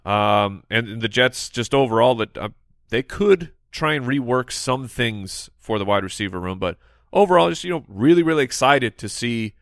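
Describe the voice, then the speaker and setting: A man's voice: medium pitch, expressive, normal speed, no room sound, studio quality. A man co-hosting a sports podcast in casual, playful chat. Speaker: podcast co-host.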